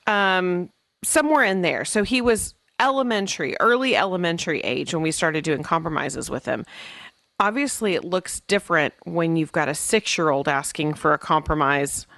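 A woman's voice: lowish voice, normal speed, a bit bright, dry recording. Chatty woman podcast co-host. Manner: chatty, laughs often, thinks aloud. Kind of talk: casual parenting podcast chat.

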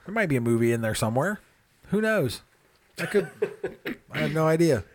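A man co-hosting a paranormal podcast, casual and animated, swearing and laughing often. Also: on the high side, normal speed, a little hiss or hum. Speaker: podcast co-host.

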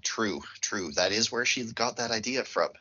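A man co-hosting a casual film podcast with a husky voice, laughing often and mimicking characters. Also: lowish voice, normal speed, sharp tone, highs cut off. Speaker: podcast co-host.

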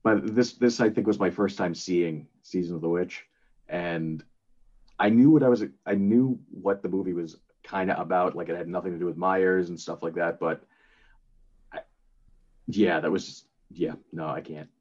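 An older man with a very deep voice talks casually on a podcast. He rambles, stops and restarts, and fills gaps with ums. The sound is a little dull and lo-fi. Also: normal speed, darkish tone. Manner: rambling, lots of fillers and restarts. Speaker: podcast co-host. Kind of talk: casual chat.

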